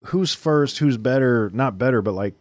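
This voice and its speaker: Casual, rambling podcast talk full of fillers comes from a man co-hosting the show. He speaks at normal speed in a medium-pitched, slightly mellow voice, recorded studio quality with no room sound.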